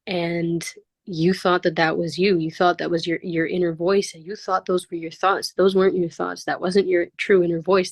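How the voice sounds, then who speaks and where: A woman's voice: on the low side, dry recording. A woman guest in a casual interview, telling personal stories in an earnest, rambling way with many fillers. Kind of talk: casual conversational storytelling.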